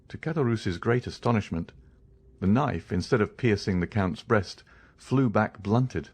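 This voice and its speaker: A man narrating a classic novel in a measured, dramatic audiobook reading. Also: lowish voice, a little mellow, breathy edge. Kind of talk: scripted narration.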